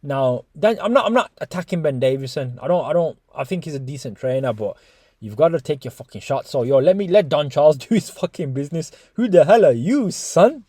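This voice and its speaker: A man's voice: mid-range voice, quick pace, dry recording. A man giving casual, swearing boxing reaction commentary to his viewers. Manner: swearing, animated, talks to viewers as guys. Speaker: boxing YouTuber.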